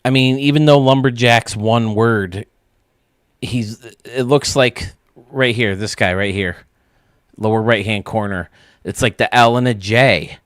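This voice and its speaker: A man's voice: mid-range voice, unhurried, fairly bright tone, no echo, clean studio sound. A man hosting a casual gaming stream, rambling and thinking aloud as he works, with frequent laughs. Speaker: streamer and game designer host.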